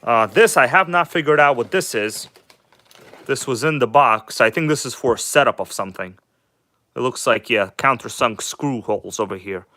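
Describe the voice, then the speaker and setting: A man's voice: mid-range voice, expressive, normal speed, pushed and bright, dry recording. Chatty man hosting a live stream. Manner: rambling, chatty, addresses viewers as guys; enthusiastic, blunt, casual swearing. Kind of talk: casual live-stream show-and-tell.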